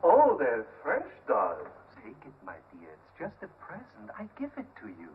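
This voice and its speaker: A smooth-talking shopkeeper. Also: male voice, on the high side, wildly swooping pitch, moderate pace, exaggerated voice. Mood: coaxing. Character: ingratiating male shopkeeper with a French shop name. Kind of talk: 1930s film acting. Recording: tinny 1930s film soundtrack with hiss.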